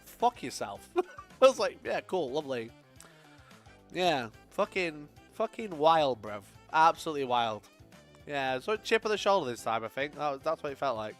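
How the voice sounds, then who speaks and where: A young man talks loosely to his stream chat, his fairly high voice swooping up and down, with faint music playing behind him. He swears freely, laughs a lot, and shifts between loud outbursts and muttering. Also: very animated, normal speed. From Sheffield, England. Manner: sweary, laughs often, swings loud and quiet. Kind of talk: casual live-stream chat.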